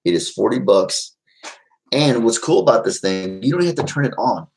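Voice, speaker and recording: A man's voice: mid-range voice, big pitch swings, moderate pace, gravelly, darkish tone, low-quality recording. A man casually chatting to viewers on a livestream, rambling and heartfelt, with many fillers. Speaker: vlogger reading live chat.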